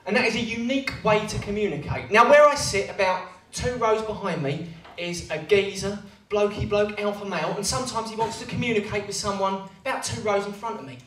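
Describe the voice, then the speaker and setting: A man's voice: high voice, brisk, a bit bright, a little hiss or hum. A young adult man doing stand-up, telling self-deprecating stories and acting out the characters. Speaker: stand-up comedian. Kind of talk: stand-up comedy routine. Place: comedy venue. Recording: echoey venue, heard from far off, crowd laughing.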